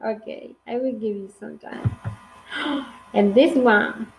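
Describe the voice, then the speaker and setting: A woman from Honduras with a Honduran Spanish accent, teaching an online English lesson with slow, clear speech and playful acted examples. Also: fairly high pitch, a little hiss or hum, poor audio.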